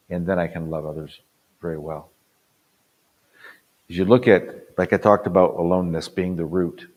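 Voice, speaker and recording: An older man with a very low, deep voice gives an earnest motivational talk as a pastor. He drives points home by repeating phrases, jumping from loud bursts down to near-quiet asides. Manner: swings between loud punches and quiet drops. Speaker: pastor and conference speaker.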